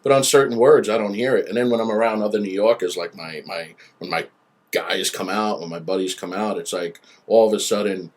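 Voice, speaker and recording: A man with a New York accent hosts an internet radio talk show, his voice sitting fairly low. He rambles loosely and halts and restarts as he goes. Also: brisk. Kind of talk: casual interview chat. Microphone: internet radio studio mic.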